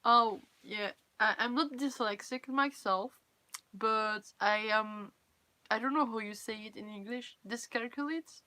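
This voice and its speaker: A woman's voice: a little high, sharp tone, no echo. A young woman from France with a French accent, chatting casually and candidly on a live stream in English, her second language. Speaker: cosplay livestreamer.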